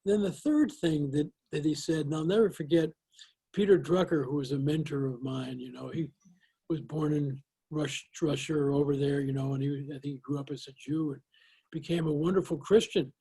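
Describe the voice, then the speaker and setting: An older man talks in an easy, folksy way and leans on "you know" as he tells his stories. His voice sits a little high for a man, and it sounds husky and mellow. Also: steady tone, normal speed, rough recording. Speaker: guest. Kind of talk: interview conversation.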